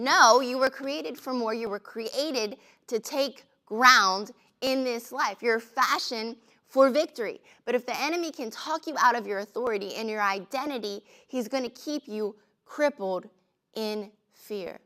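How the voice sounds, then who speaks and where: A woman's voice: fairly high pitch, normal speed, sharp tone. A middle-aged woman teaching a morning devotional in a chatty, storytelling way with touches of humor.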